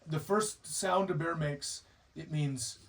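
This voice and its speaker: A man's voice: on the high side, takes it slowly, recorded from a distance, rough recording. Man lecturing informally from afar. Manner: explains with acted-out bear and guide quotes. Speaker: bear viewing trainer. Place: lodge room with a group.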